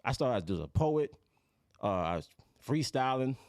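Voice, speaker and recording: A man's voice: medium pitch, sing-song, unhurried, a little mellow, dry recording, studio quality. A man from Jamaica, a guest musician in casual podcast chat, laid-back and full of "you know".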